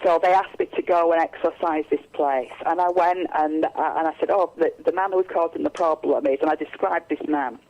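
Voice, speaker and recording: A woman's voice: low voice, fairly even intonation, fairly quick, hardly any pauses, a little mellow, dull audio. A woman, a psychic medium, telling stories in a radio interview, rambling with many restarts and fillers.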